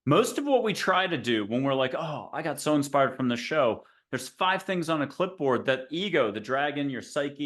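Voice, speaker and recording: A man hosting a spiritual talk show, speaking in an expansive, coaching way and leading the listener through guided imagery. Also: medium pitch. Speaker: podcast host.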